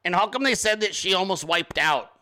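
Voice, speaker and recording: Bright, high-voiced joking male host. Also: lively intonation, a little fast. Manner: profane, joking, rambling; reads sponsor ads informally. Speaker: show host. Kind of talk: casual live-stream commentary.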